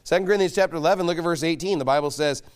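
A man preaching a sermon as pastor, emphatic and mocking, pressing his points with loud insistence. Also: on the high side, racing, smooth. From United States.

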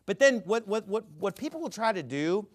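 Animated, sarcastic man ranting. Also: high-pitched, fairly quick. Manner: emphatic, sarcastic, stammers and restarts. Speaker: religious commentator. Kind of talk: ranting video commentary.

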